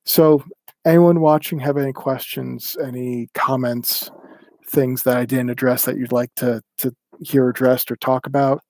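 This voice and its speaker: Guy giving an online class, mid pitch, kinda halting w lots of ums, dry close sound. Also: fairly even intonation, a little mellow, dry recording. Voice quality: halting, many restarts and ums. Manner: plainspoken, acts out quoted remarks with raised pitch. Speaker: class teacher. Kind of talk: livestreamed talk.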